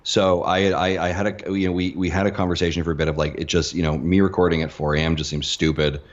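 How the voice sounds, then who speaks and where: A Canadian man chatting as a podcast guest, fast and chatty with stumbling restarts, over dull lo-fi audio. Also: low-pitched, little pitch movement. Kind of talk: casual chat.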